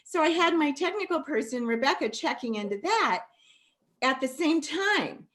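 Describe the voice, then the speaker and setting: A high-pitched woman hosts a masterclass on a video call. She talks affectionately and emotionally, calling the listener sweetie and honey. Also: animated, normal speed. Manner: warm, affectionate, tearful at times. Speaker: masterclass host. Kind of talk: live video call talk.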